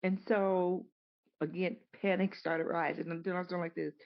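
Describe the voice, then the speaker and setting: Middle-aged woman guest with a gravelly voice, halting and repetitive storyteller, plays out the dialogue; dull, lo-fi recording. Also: lowish voice, little pitch movement. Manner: halting, repeats words, acts out quoted dialogue. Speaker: interview guest. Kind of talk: emotional personal storytelling.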